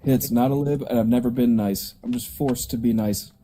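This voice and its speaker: A panelist in a casual livestream chat, trading quick, dry jokes. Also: medium pitch, fairly even intonation, dark tone, faint music behind.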